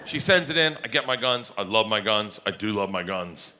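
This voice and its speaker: A middle-aged man telling wild comic stories in a loud, rowdy way, often laughing and acting out other people's voices. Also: lowish voice, animated, normal speed, heavy background noise. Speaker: comedian. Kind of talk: stand-up and podcast storytelling.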